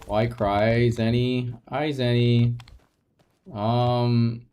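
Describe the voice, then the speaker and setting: Speaking very slowly with a medium-pitched, dark voice and a completely flat delivery, a man streams a game and chats with viewers. The talk is casual and rambling yet openly emotional and reassuring, full of laughter and restarted sentences.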